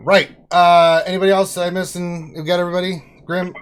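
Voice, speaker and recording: A man's voice: sits high, flat delivery, brisk, clean tone. Upbeat man hosting a live stream. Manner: upbeat, joking introductions. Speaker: host. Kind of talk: casual livestream chat.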